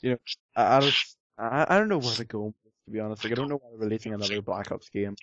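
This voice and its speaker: A man's voice: fairly low pitch, fast, fairly bright tone, no echo, lo-fi sound. A man chatting casually as a podcast co-host, rambling with lots of fillers and some sarcasm. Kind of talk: casual chat.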